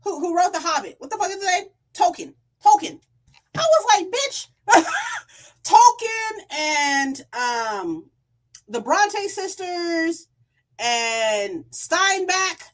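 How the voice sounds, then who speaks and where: A woman's voice: extremely high pitch, slow. Swearing, sarcastic woman ranting. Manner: heated, sarcastic, swears a lot, laughs often; reads out comments in a flat voice. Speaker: book vlogger. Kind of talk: casual storytime rant.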